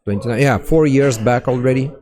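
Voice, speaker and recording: A man's voice: medium pitch, a little mellow. Russian-accented man casting a game tournament. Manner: rambling, halting, many fillers. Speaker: tournament caster. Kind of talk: casual live-stream commentary.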